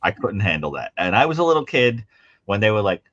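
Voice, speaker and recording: A man's voice: brisk, no room sound, highs cut off. A man co-hosting a call-in show, chatting casually and telling stories with lots of acted-out quotes. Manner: animated storyteller, acts out quotes in high mimicking voices. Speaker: co-host. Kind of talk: casual call-in show chat about horror films.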